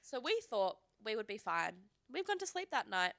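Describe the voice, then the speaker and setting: A young woman tells a travel story on a podcast, chatty and quick to chime in. Her voice sits a little higher than most, recorded dry and close on the mic. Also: very animated, creaky, fairly bright tone, no room sound. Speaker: podcast co-host. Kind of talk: casual chat.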